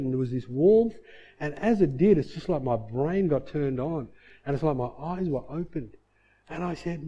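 A man preaching a sermon and telling a personal testimony, conversational, dropping to soft low asides and rising to loud, emphatic declarations. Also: dull audio.

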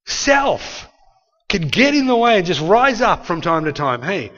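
A man's voice: sits high, big pitch swings, a little slow, a bit bright. Man preaching in an echoing church hall. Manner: earnest, conversational preaching with prayers spoken aloud. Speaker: pastor. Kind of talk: sermon. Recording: dull sound with long hall reverb.

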